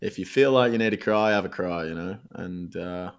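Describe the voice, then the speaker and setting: Deep-voiced man telling laid-back stories. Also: normal speed, smooth. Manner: laid-back, swears casually, rambling storytelling. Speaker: podcast guest. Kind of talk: casual podcast chat.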